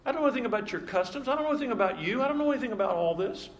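A man's voice: very high-pitched, animated, very fast, pitched above the performer's own voice. A man preaching acts out an exasperated Roman governor, firing off baffled, impatient questions in a raised voice. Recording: echoey hall, faint background noise.

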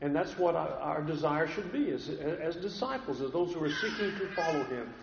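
High-voiced man preaching in an echoey hall. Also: expressive, creaky, noisy background. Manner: earnest, deliberate, often repeats words as he restarts. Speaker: pastor. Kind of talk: sermon. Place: church sanctuary with a congregation. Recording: dull echoey recording in a large hall.

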